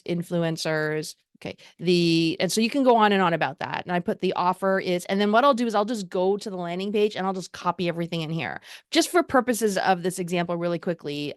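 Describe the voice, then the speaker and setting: A woman's voice: medium pitch, no echo, clean studio sound. A woman teaching online ad marketing in a casual, upbeat screen-share tutorial, explaining step by step. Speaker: ad marketing instructor.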